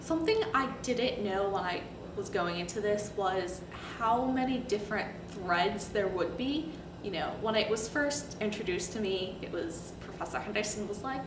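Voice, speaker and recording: A woman's voice: mid-range voice, moderate pace, hardly any pauses. A young woman in her twenties, a recent graduate, casually reflecting in an interview. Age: 20s. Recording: echoey, distant, noisy.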